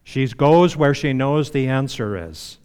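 A man preaching a sermon in a relaxed, conversational way, full of "you know"s and dropping to a hushed voice to stress a point. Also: mid-range voice, a little slow, smooth, big-room sound. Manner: conversational preaching with frequent you-knows, dropping to a hush for emphasis. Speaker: pastor.

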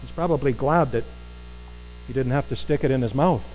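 A man preaching a conversational sermon, animated and putting rhetorical questions to his listeners. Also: mid-range voice, a little fast, a little hiss or hum, low-quality recording.

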